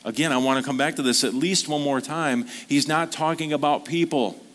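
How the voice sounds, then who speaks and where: A man's voice: on the high side, a little fast, a bit bright. A man preaching a sermon at a church service, speaking earnestly in a conversational storytelling manner. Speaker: pastor.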